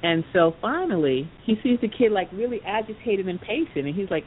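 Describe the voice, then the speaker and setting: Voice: sing-song, fairly quick. A podcast speaker telling a story in a casual, rambling way, with many "you know" asides. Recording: tinny phone line with faint rumble.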